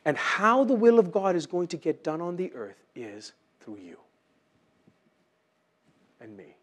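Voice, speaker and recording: Animated male preacher with lively pitch. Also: a little slow. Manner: animated, acts out voices in stories. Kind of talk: sermon.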